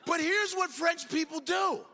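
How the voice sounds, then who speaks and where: A man performing a stand-up comedy set on a club stage, acting out characters with sudden shouted outbursts. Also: very high-pitched, unhurried, creaky. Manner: animated, acts out characters with big shouted outbursts. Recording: live club recording with audience noise.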